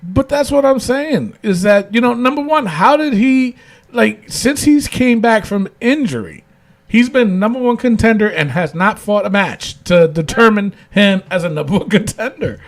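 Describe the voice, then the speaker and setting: A man's voice: high-pitched, moderate pace. A man hosting a casual wrestling podcast, rambling with lots of fillers and restarts. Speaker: podcast host.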